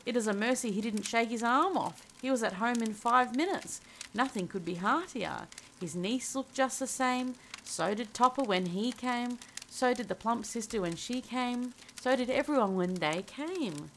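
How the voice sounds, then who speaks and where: A woman reading a classic story aloud as a cosy ASMR bedtime tale, soft and gentle, giving the characters their lines. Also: on the high side, normal speed, a little hiss or hum, low-quality recording.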